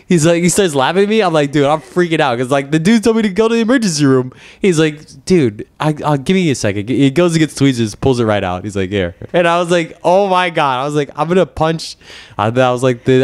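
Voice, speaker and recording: On a dry recording, a mid-range male voice belongs to a podcast co-host in a casual storytelling chat. He spins stories with animation, playing out both sides of each conversation himself.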